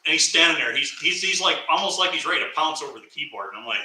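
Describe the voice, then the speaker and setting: A man telling a workplace prank story in casual chat, animated and laughing as he goes. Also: on the high side, very fast, slight background noise. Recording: echoey room, mic at a distance.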